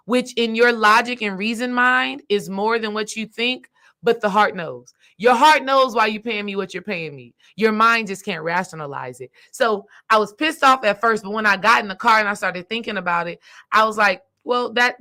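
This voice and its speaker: A woman, a spiritual coach, telling a personal story in a casual monologue, emphatic and animated, speaking straight to her listeners. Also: a little high, moderate pace. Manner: animated, acts out quoted dialogue; emphatic, addresses listeners directly.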